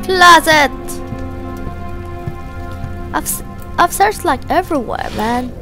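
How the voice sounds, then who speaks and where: Slow, high-voiced woman gaming. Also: sharp tone, soft background music. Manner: playful, jokey, talks to game objects. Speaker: gamer. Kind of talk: let's play commentary.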